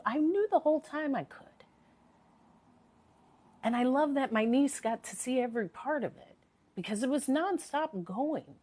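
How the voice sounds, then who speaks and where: Earnest motivational woman, slightly high voice. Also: darkish tone. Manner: earnest, motivational, repeats phrases for emphasis. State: recovering from a sore voice. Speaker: live-stream host. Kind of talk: casual live-stream chat.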